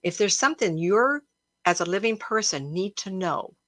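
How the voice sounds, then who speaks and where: A woman's voice: medium pitch, expressive, normal speed, fairly bright tone, no echo. A woman hosting a live stream as a psychic. She tells stories in a chatty, emotional way and talks to her viewers directly. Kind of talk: casual storytelling to a live audience. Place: home, a cat jumping around.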